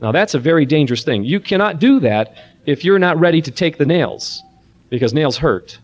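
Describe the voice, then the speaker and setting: A man leading a Christian parenting seminar, praying softly and then preaching earnestly and animatedly to a room of listeners. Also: fairly high pitch, moderate pace. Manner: earnest, animated preaching with a soft-voiced prayer. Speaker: seminar speaker. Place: room with an audience.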